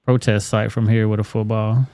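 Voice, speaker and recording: A man's voice: fairly low pitch, flat delivery, moderate pace, warm tone, no echo, clean studio sound. A man joining a call-in show as co-host, trading blunt, profane, laid-back banter. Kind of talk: casual chat.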